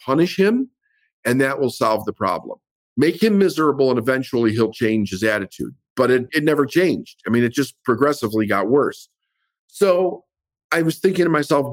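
A man's voice: medium pitch, no echo. A middle-aged man telling his own life story in an interview, candid and reflective. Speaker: business coach guest.

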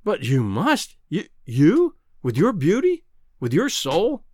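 An earnest, impulsive young man pleads and bargains in a raised, animated voice, played by the male narrator. The reading sounds close and dry, a storybook scene. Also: sits high, slow, dry recording, exaggerated voice. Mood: pleading.

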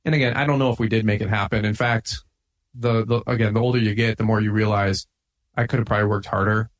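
A man's voice: on the low side, fairly even intonation, fast talker. A middle-aged man, a guest on a podcast, talking in an intense, fired-up way, with lots of "like" and "man". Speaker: podcast guest, lawn care business owner. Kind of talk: casual podcast conversation.

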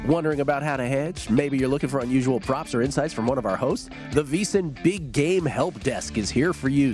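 A man hosting a sports betting talk show, chatting casually and joking between segments. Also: mid-range voice. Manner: lively, joking, quick asides. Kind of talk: casual radio show chat.

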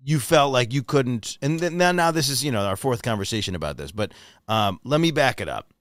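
A man hosting a casual chat, playful and quick to laugh. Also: mid-range voice, no echo, studio quality. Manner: animated, playful, laughs often. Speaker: podcast host.

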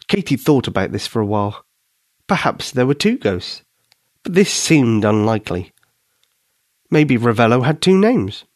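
A man's voice: mid-range voice, animated, measured pace, pauses often, no room sound, studio quality. Soothing male bedtime storyteller. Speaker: storyteller and podcast host. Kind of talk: scripted narration of a children's bedtime story.

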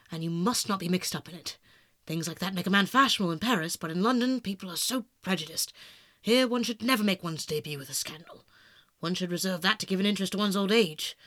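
A man reading aloud, voicing a worldly, cynical older male aristocrat who speaks smoothly and persuasively, in a dry, close sound. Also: sits high, a bit bright, dry recording. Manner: smooth, epigrammatic, coolly persuasive. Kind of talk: audiobook narration.

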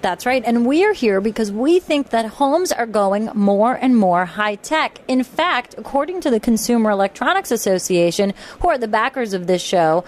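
A woman's voice: on the high side, animated, moderate pace, hardly any pauses, a little mellow, a little hiss or hum. A woman co-hosting a home improvement radio show, asking friendly follow-up questions.

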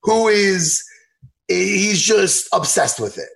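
A man hosting a podcast in casual chat, excitable and animated, laughing often and acting out what others said. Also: high voice, takes it slowly, gravelly. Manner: animated, excitable, laughs a lot, acts out impressions loudly. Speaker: podcast host.

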